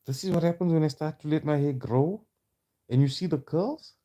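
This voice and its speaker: A man speaks in a confrontational vlog rant, his voice warm and dark. He presses his listeners with one challenging rhetorical question after another. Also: on the high side, a little fast. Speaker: vlogger.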